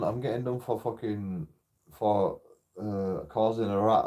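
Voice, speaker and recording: British male streamer, low-ish warm voice, rambling and sweary, laughs a lot. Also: unhurried. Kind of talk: casual storytelling while gaming.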